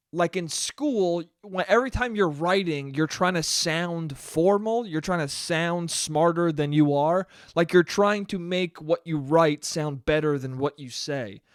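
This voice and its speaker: A man's voice: clear, resonant tone, no echo, clean studio sound. A young man hosting a solo podcast, ranting casually with lots of swearing and mocking impressions of relatives. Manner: profane, animated, mimics relatives in shrill voices. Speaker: podcast host.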